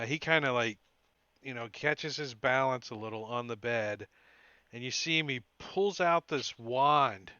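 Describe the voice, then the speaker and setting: Bright slow-talking game master. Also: male voice, mid-range voice, smooth, dry recording. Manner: rambling, many fillers and restarts. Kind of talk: narrating a tabletop game. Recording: dull lo-fi audio.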